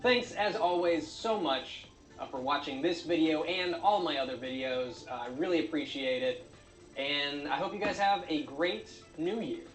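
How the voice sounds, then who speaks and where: Deadpan guy narrating a craft vid, kinda high voice, echoey room, faint music. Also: moderate pace. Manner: deadpan, with frequent uh fillers. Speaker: craft video creator. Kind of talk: dry comedic narration.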